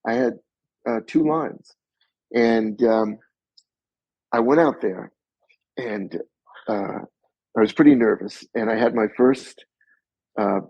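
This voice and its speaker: A man being interviewed as a guest actor, telling animated stories and acting out other people's voices. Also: medium pitch, slightly rough, dry recording. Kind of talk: anecdotal storytelling. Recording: slightly muffled recording.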